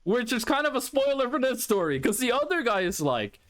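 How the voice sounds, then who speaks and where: A man streaming live, telling a profane, animated story in a casual way, with frequent restarts. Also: very high-pitched, fairly quick.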